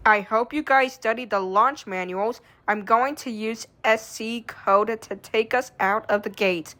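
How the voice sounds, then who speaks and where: Woman reader, high and bright voice, slow unhurried delivery, acts out every character and sound effect from a graphic novel.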